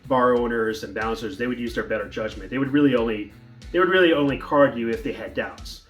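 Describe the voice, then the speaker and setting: Male vlogger, casual rambling storyteller, mid-pitched, faint guitar music underneath. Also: brisk. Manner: rambling, with restarts and fillers.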